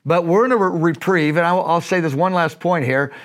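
A man's voice: a little high, fairly quick, a bit bright. A man preaching in a conversation. He talks earnestly and voices God's words in quoted speech.

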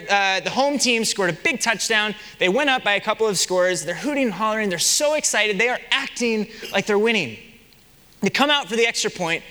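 Young male pastor, high and lively, animated sermon delivery with rhetorical questions. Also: big-room sound.

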